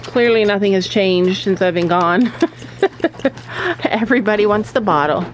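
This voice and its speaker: A woman with a medium-pitched, slightly slow voice vlogs casually to camera from her farm, chatting with viewers and coaxing her goats as she looks after them. The recording is rough, with outdoor farm noise and goats bleating in the background.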